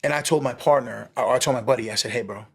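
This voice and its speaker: This medium-pitched New Yorker, once a police officer, talks fast with a gravelly, breathy edge as he tells a story on a podcast. He's lively and informal, leaning on "right?" and "you know" and letting the odd swear slip.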